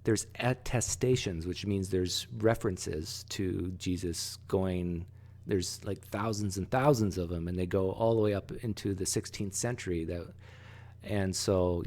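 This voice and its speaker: A man hosting a casual discussion, animated and halting, often restarting sentences. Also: deep voice. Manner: animated, rises sharply when pressing a point; halting, frequent restarts and fillers. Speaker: host.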